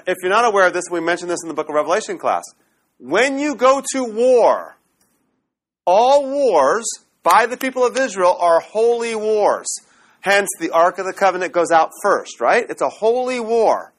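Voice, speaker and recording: A man teaching a Bible class in a classroom lecture style, animated and often checking in with the class. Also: high voice, moderate pace.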